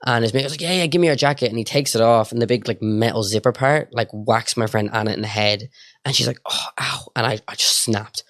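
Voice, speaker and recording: A young Irish man rattles through stories at high speed, stringing thoughts together with a stream of filler words. His voice sits a little low, and the sound is close and dry with no room around it. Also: fairly even intonation, a bit bright, no room sound. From Ireland. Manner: rapid, rambling, lots of filler words. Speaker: podcast guest. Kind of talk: casual storytelling chat.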